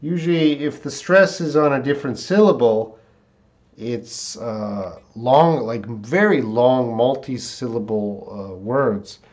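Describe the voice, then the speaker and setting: A man's voice: mid-range voice, slow pace, darkish tone, muffled recording. Casual hesitant man teaching online. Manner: casual, hesitant, reads viewer comments aloud. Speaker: English teacher. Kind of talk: live-stream English lesson. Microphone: desktop USB mic.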